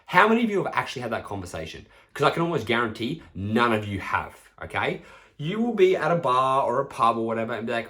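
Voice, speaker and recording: A man's voice: mid-range voice, big pitch swings, a little fast, fairly bright tone. A young man hosting a casual solo podcast as a personal trainer, talking bluntly and swearing freely. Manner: blunt, swears freely, acts out friends' lines.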